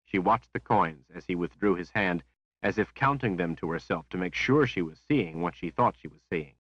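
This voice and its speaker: A man narrating a fantasy audiobook in a measured, even storytelling manner. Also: low-pitched, no room sound, lo-fi sound. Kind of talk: scripted narration.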